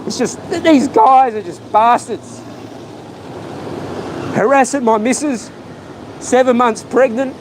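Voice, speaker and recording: A worked-up Australian man with a high voice, venting on a live stream from a street outside. He sounds emotional and keeps circling back to the same points. Faint traffic hums behind him. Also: slow pace, pauses often. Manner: agitated, heated, repetitive ranting. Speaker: vlogger. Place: outdoors on a street.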